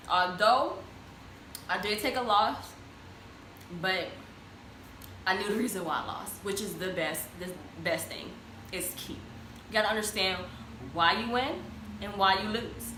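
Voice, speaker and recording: Chatting unhurriedly and pausing often, a young woman with a medium-pitched voice eats in front of her camera for a casual mukbang at home. The camera mic records an echoey space with a little ambient noise.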